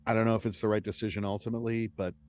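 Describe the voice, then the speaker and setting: A man's voice: fairly low pitch, racing. An American man, a guest and audiobook narrator, talking casually and with animation in an interview. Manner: animated, chatty storyteller who laughs easily.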